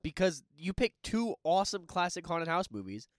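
A man's voice: sits high, very animated, moderate pace, dry recording, clean studio sound. A man co-hosting a podcast in casual chat, joking and teasing his friend. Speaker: podcast co-host.

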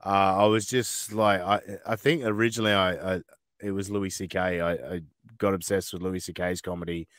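Low-voiced Australian man, dry sound. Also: no room sound. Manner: quick, animated storytelling. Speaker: podcast guest. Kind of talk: casual chat. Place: back shed.

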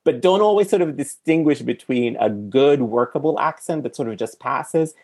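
A man's voice: mid-range voice, animated, normal speed, a little mellow, slightly rough. Man, talking film. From Sudan. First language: Arabic. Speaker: film critic and podcast co-host. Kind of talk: casual film discussion.

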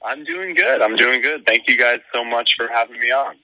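A man's voice: medium pitch, normal speed, bright, forceful tone, no echo. A man from Florida, a podcast guest on a phone call, answering politely and eagerly with filler ums. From Florida, USA. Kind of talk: friendly interview answers.

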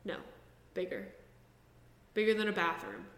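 A woman's voice: on the low side, big pitch swings, moderate pace, a little hiss or hum. Playful young woman co-host, echoey room. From New Jersey. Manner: chatty, playful, teasing. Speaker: podcast co-host. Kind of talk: casual chat.

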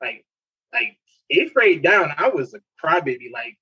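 A man from Newark, telling animated stories in slangy casual chat and laughing often. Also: on the high side, measured pace, creaky, breathy edge. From Newark, New Jersey. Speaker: podcast co-host. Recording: distant, dull lo-fi mic.

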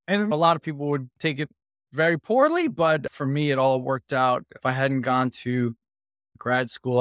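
A man's voice: mid-range voice, dry recording, studio quality. A man in his fifties, a guest telling stories from his career in a casual interview and acting out what people said to him. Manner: lively storyteller who acts out quoted dialogue. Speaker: guest, executive consultancy founder.

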